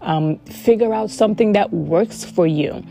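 A woman's voice: medium pitch, a little slow, creaky, dark tone, soft background music. A woman speaking earnestly in a heartfelt casual monologue, repeating words for emphasis. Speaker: vlogger sharing personal experience.

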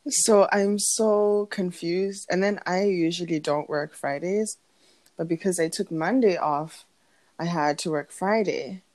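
A woman's voice: lowish voice, measured pace, darkish tone, no echo. A young woman co-hosting a podcast in casual chat, rambling and laughing, with a sleepy morning voice. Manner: chatty, rambling, laughs often. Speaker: podcast co-host.

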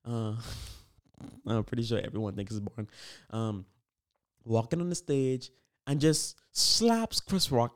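A man hosting a casual solo podcast, rambling and animated with lots of fillers, hyping things up. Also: mid-range voice, a little slow, long pauses. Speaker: podcast host.

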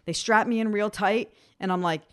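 Woman in her 40s cohosting a podcast, chatty and animated, does little voices for people in her stories, middle pitch. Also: normal speed. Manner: animated storyteller, acts out quoted voices. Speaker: podcast co-host. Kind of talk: casual chat.

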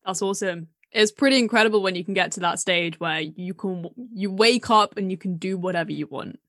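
A woman's voice: medium pitch, fairly quick, a bit bright, no echo, studio quality. A woman hosting a podcast interview, upbeat and encouraging, asking questions in a casual way. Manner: upbeat and encouraging, laughs easily. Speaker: podcast host.

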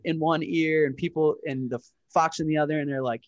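Animated, profane young man telling stories. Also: on the high side, a little fast, hardly any pauses, no room sound, lo-fi sound. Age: 20s. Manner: animated, profane, storytelling with acted-out quotes. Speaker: podcast guest, startup founder. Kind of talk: casual storytelling interview.

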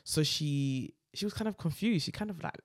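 A woman co-hosting a podcast in loose, casual chat. Her voice has a gravelly, creaky edge, and she tells stories in an animated way, full of fillers. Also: low voice, normal speed, no echo, clean studio sound. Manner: animated storyteller, lots of fillers. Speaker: podcast co-host.

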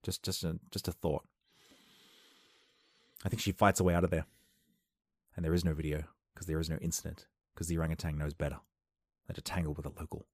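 A man doing a rambling comic monologue into a close microphone, wry and self-interrupting, with sudden loud outbursts. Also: very deep voice, level tone, a little fast, long pauses, no echo. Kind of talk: comedic podcast monologue. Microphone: close studio microphone.

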